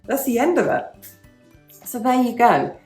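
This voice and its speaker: Faint music and reverb surround a slightly high, somewhat mellow voice that swings widely in pitch at a moderate pace. She's a British vlogger in her fifties and former English teacher, patiently explaining in a casual Q&A and repeating key points.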